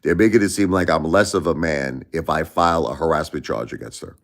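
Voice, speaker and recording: Deep-voiced ranting New man. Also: a little fast. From Brooklyn, New York. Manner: ranting, repetitive, stammering restarts. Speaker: live streamer. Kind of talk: casual live-stream rant.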